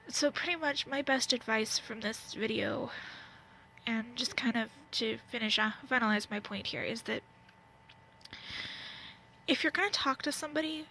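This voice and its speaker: Young Southern woman vlogger, higher voice, blunt and rambling, faint room noise. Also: moderate pace, pauses often, bright, forceful tone, rough recording. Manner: rambling and blunt, heavy on fillers. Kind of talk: candid casual rant to camera. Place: at home, wrapped in a blanket.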